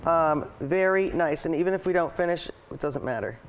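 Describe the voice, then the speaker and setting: A woman's voice: sits low, lively intonation, a little fast. A woman hosting a live painting lesson, chatting eagerly and thinking aloud as she paints. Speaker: painting show host and art teacher.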